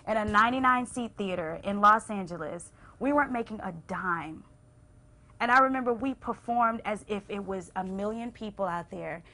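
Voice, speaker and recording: A young adult woman singer telling stories as a TV interview guest, acting out quotes with big swings and going hushed when moved. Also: moderate pace. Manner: expressive, acts out quotes with big pitch swings. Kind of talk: animated storytelling in a TV interview. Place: TV station interview.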